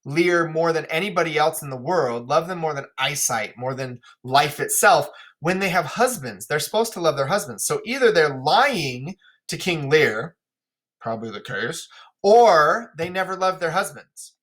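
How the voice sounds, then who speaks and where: Casual bright-voiced male teacher. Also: fairly high pitch, animated. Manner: casual, quick asides, checks with "right?". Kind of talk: explaining a play to a class.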